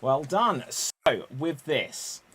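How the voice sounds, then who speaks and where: A man hosting an improv comedy game with brisk, wry announcements. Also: a little high, big pitch swings, noisy background. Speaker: host.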